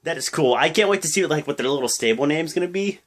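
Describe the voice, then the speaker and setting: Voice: mid-range voice, expressive, fast. A vlogger giving a loose, chatty recap of a wrestling show, full of fillers and restarts. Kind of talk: casual spoken recap.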